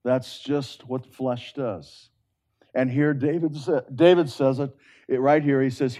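Slow, earnest preacher man. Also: medium pitch, steady tone, muffled recording. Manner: swings between loud emphatic rises and hushed, drawn-out phrases; earnest, conversational preaching with repeated restarts. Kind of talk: sermon.

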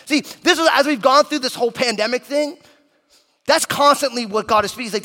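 A middle-aged male pastor giving a sermon, telling a story with quick asides to the congregation. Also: extremely high pitch, pushed and bright. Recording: long hall reverb.

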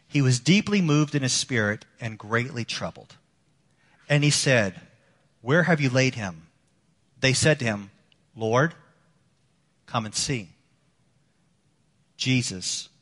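A man preaching a sermon as a pastor, earnest, moving between emphatic lines and hushed ones. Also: medium pitch. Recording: long hall reverb.

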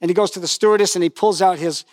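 Older male preacher, high-pitched and chatty, dry close-miked sound, storytelling sermon with humor. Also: racing, no room sound. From lived in New Zealand for decades.

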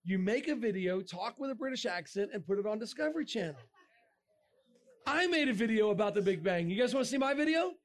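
A man giving a jokey, animated talk to an audience, breaking into sudden shouts. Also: high-pitched, brisk. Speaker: speaker. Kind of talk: comic science-and-faith talk to a crowd.

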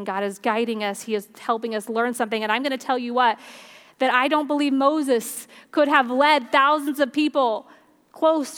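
A woman delivers a sermon to her congregation in a smooth, resonant voice. She preaches in an earnest, conversational way, as though talking with friends in the pews. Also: on the high side, fairly bright tone. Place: church service.

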